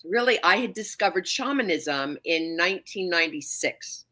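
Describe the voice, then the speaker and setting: Woman, 60s, therapist guest, low-ish bright voice, measured explainer. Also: lively intonation. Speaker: guest, psychotherapist. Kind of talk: interview answers.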